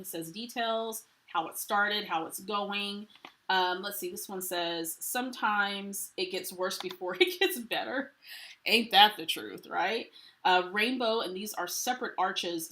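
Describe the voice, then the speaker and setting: A woman's voice: medium pitch, fairly bright tone, a little hiss or hum. Chatty woman hosting a craft livestream. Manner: chatty, enthusiastic, greets viewers by name. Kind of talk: live unboxing demo.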